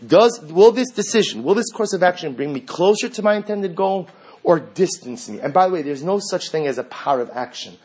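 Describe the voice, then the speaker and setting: A man's voice: high voice, expressive, a little fast, darkish tone, breathy edge. A man teaching a religious class, earnest and fond of rhetorical questions.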